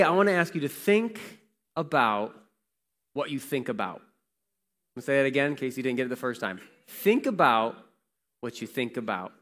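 Lively male pastor in a reverberant hall. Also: mid-range voice. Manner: conversational storytelling with questions to the congregation. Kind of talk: sermon. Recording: long reverb of a large hall.

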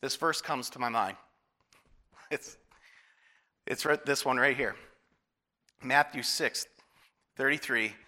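A man's voice: mid-range voice, unhurried, long pauses, bright, forceful tone. A male pastor preaching a sermon, telling a personal story and asking the congregation questions. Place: church hall. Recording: long hall reverb.

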